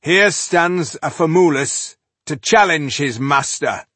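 A man's voice: a little high, animated, takes it slowly, fairly bright tone, dry recording, voice pushed up, exaggerated voice. A man voicing a bold male dwarf warrior who issues a formal challenge in a ringing, proclaiming voice. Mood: defiant.

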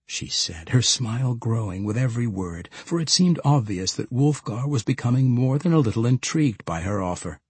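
A man reading a fantasy novel aloud as an audiobook narrator, with measured, steady storytelling. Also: low-pitched, husky, dry recording.

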